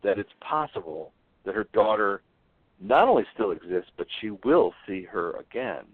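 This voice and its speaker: A man guesting on an interview show, telling stories with lively delivery and acting out the dialogue he quotes. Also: lowish voice, normal speed, no echo. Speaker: author guest. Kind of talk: animated storytelling on an interview show. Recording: tinny phone line, dry.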